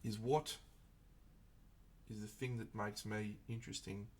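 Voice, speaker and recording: A man's voice: lowish voice, flat delivery, measured pace. A man chatting casually on a live stream while painting miniatures, reflective and rambling, often restarting his sentences. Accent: Australian.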